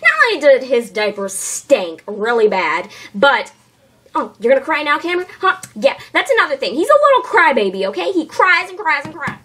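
A woman voicing a loud, dramatic mother who talks sassily in a doll series. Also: high-pitched, very animated, moderate pace. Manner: loud and theatrical, with a sassy catchphrase.

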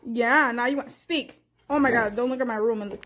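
A woman's voice: a little high, normal speed, a bit bright, a little hiss or hum. A woman vlogging at home, talking playfully to her dog and her viewers, hyper and exclaiming, filmed on a handheld phone. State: hyper from coffee. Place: at home indoors.

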